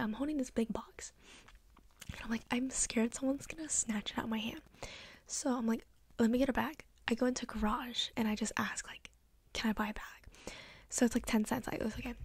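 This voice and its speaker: A young woman with a breathy, half-whispered voice, rambling chattily through a soft-spoken ASMR story with lots of "like". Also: on the high side, steady tone, moderate pace, pauses often, dry recording. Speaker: ASMR creator.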